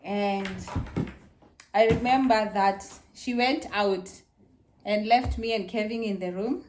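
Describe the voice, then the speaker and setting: A woman's voice: mid-range voice, takes it slowly, noisy background. A young woman casually telling viewers her birth story, acting out her screams and the voices of others. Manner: animated, acts out her screams and quotes.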